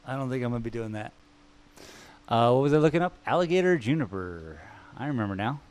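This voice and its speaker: A man's voice: mid-range voice, animated, fast talker, darkish tone. A man streaming live as he paints, thinking aloud in a rambling, self-mocking way and chatting with viewers. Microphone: microphone.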